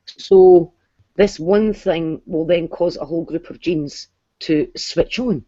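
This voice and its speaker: A woman's voice: fairly low pitch, takes it slowly, warm tone, dry recording, dull audio. A woman in an online chat, explaining things patiently and step by step. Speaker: guest explaining science.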